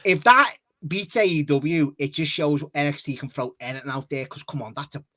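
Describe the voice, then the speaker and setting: Laid-back co-host, slightly higher voice. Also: male voice, a little fast, a bit bright, dry recording, clean studio sound. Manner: laid-back, agreeable, swears casually. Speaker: podcast co-host. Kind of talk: casual wrestling news chat.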